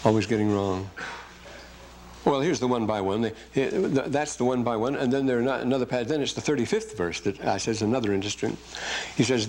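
A man's voice: medium pitch, expressive, a little mellow, slight background noise, rough recording. Rambling man lecturing on scripture. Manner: rambling, often loses his place and corrects himself; reads verses aloud with slow emphasis.

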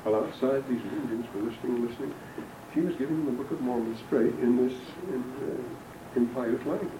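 A man's voice: medium pitch, fairly quick. An older man giving a classroom lecture on scripture, digressive and anecdotal with dry humor. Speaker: religion lecturer. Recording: roomy distant lecture recording with background noise.

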